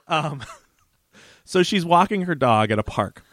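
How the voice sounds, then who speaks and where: Animated man recapping a TV episode. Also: a little high, dry recording, clean studio sound. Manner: animated, laughing, acts out scenes. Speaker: podcast co-host. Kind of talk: casual chat recapping a TV episode.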